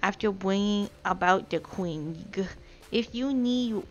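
A woman live-streaming a game, chatting playfully with her chat and breaking into loud, excited outbursts. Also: medium pitch, slow pace, lo-fi sound, soft background music.

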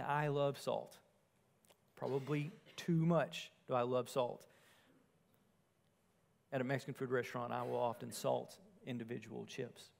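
A male pastor preaching an earnest sermon, moving between emphatic and quiet passages. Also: fairly high pitch, vocal fry.

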